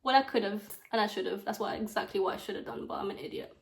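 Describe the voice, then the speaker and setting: A young woman with a British accent telling a story time in a chatty, dramatic way, with quick asides. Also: mid-range voice. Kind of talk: casual storytime chat while doing makeup. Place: bedroom at home. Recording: echoey room.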